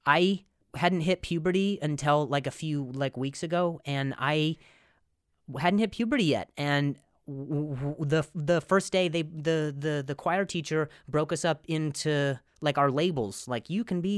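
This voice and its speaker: A man's voice: a little high, a little slow, clean tone, dry recording. Sarcastic ranting young man, dry sound. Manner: rambling, profane, sarcastic ranting. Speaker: podcast host. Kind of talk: comedic podcast monologue.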